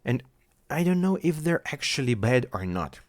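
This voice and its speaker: Man, anime reaction, rambling, swearing, mid-pitched voice, dry close sound. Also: very animated, normal speed, no echo. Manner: rambling, swearing, thinks aloud. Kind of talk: casual reaction commentary. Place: home, on a squeaky chair.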